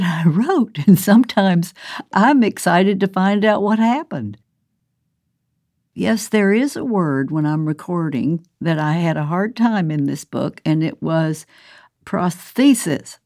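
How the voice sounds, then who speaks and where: A woman's voice: lowish voice, a little mellow, no room sound, clean studio sound. An older woman from the American South, an author speaking casually about her work, chatty and often laughing. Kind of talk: casual recorded monologue.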